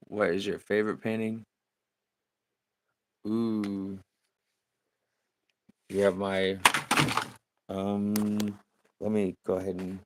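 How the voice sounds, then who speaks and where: A man in his thirties with a low, gravelly voice talks casually to his live-stream audience while painting. He rambles in a relaxed way and laughs easily. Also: very noisy. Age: 30s. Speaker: livestreaming painter.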